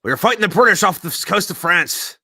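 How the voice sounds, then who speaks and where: A man doing a loud, boastful old pirate. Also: sits high, animated, brisk, breathy edge, no room sound, voice pushed up, heavily acted. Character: crusty old male pirate, peg leg, hook, boastful.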